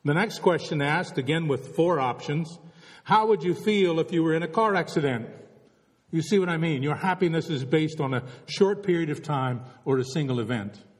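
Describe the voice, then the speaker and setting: A man's voice: fairly high pitch, normal speed, in a large hall. A man delivering a reflective sermon as a pastor, full of rhetorical questions.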